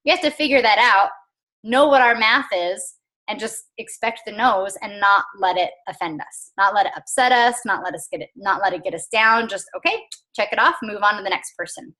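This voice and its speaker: Bright-voiced chatty woman coaching her team. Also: medium pitch, brisk. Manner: chatty and earnest, with frequent fillers and small laughs. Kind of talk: casual motivational team call.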